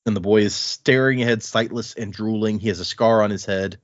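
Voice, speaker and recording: A man's voice: fairly low pitch, steady tone, brisk, no room sound, lo-fi sound. A man co-hosting a podcast, casually and animatedly retelling chapters of a book. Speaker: podcast co-host.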